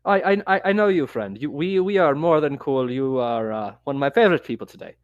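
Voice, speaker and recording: A man playing a polite, flattering male prisoner with an odd accent, talking haltingly with many fillers. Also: on the high side, no echo, lo-fi sound, natural voice. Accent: odd put-on accent. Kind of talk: tabletop game role-play.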